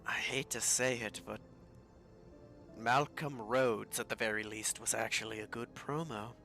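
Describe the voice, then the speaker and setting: A man playing a tabletop role-play game on a live stream, talking in a dry, measured way. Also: medium pitch, fairly even intonation, gravelly, sharp tone, faint music behind. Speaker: player.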